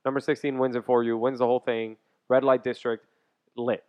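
A man's voice: mid-range voice, level tone, fairly quick, clean tone, dry recording. A man co-hosting a casual sports chat podcast, blunt, sarcastic and profane. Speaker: podcast co-host. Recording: dry, slightly dull sound.

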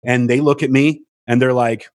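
A man's voice: moderate pace, dry recording, studio quality. A man telling a long story in casual chat, acting out what people said and swearing freely. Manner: animated, acts out quotes with big pitch jumps, swears freely. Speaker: storyteller guest. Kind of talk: casual chat, animated anecdote.

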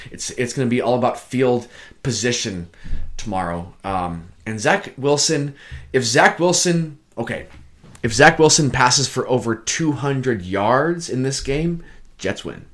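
A man's voice: mid-range voice, a bit bright. A young man co-hosting a casual sports podcast, laid-back and swearing freely, calling his friend dude. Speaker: podcast co-host. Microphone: own mic, muting himself at times.

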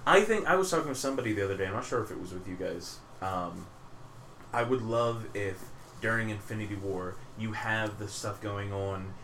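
A man co-hosting a casual podcast, animated and quick to laugh, swearing freely as he chats. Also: fairly low pitch. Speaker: podcast co-host. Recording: roomy room with faint background noise.

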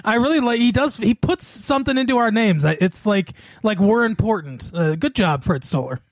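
A man's voice: high-pitched, animated, moderate pace, no room sound. A man co-hosting a casual comedy podcast, laughing often as he quizzes his co-host.

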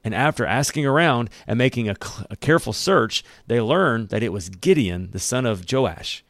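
Male pastor, gravelly, conversational sermon and scripture reading, dry close sound. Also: medium pitch, expressive, moderate pace, no echo. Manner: conversational, reads aloud and comments.

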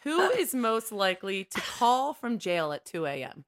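A woman's voice: mid-range voice, big pitch swings, normal speed, a little hiss or hum. A woman co-hosting a casual talk show with her mother, playfully asking game questions. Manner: playful, laughs often. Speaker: podcast co-host, daughter. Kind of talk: casual chat, running a game.

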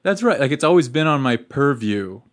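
A man's voice: mid-range voice, very animated, moderate pace, no echo, clean studio sound. A man co-hosting a casual podcast, joking and rambling. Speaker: podcast co-host.

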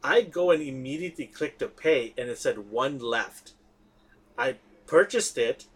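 A man's voice: mid-range voice, animated, a little slow, husky. A man co-hosting a podcast in casual chat, emphatic, often restarting and repeating his words. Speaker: podcast co-host.

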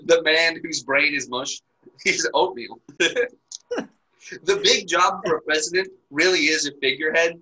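A man's voice: fairly high pitch, sharp tone, poor audio. A man chatting casually and crudely with a friend, laughing often as he jokes. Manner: laughs constantly, crude and joking. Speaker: podcast co-host. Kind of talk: casual comedic chat.

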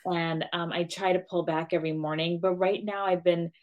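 A woman's voice: on the low side, level tone, moderate pace, narrow, tinny audio. A woman who runs her own business, talking earnestly and emotionally as a podcast guest, with frequent restarts. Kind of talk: casual podcast chat.

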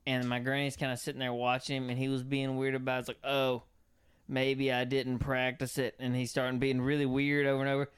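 A man's voice: medium pitch, completely flat delivery, very fast, few pauses, clean tone. A man telling a loose, profane story in a casual chat among friends.

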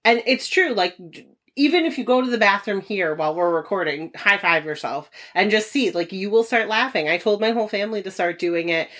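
A woman's voice: medium pitch, a little fast, a bit bright. A woman in her thirties co-hosting a podcast, chatting casually and laughing often as she acts out what others said. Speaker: podcast co-host.

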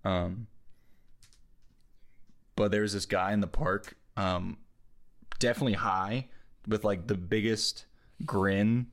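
Brief young male podcast co-host, low voice, relaxed, swears a lot. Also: slow pace, long pauses. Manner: laid-back, swears a lot, laughs often. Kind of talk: casual chat.

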